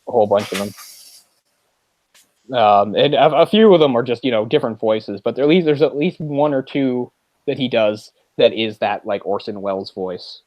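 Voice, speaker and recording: A man's voice: mid-range voice, normal speed, no echo, dull audio. A man co-hosting a film podcast, chatting casually and rambling with frequent restarts. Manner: rambling, many restarts and fillers. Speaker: podcast co-host.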